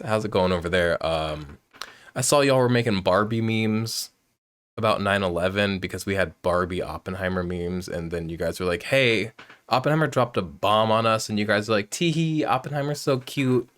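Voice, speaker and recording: A loud man commenting casually on a video game, swearing and joking. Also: low voice. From United States. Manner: loud, profane, joking asides. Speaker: let's play host.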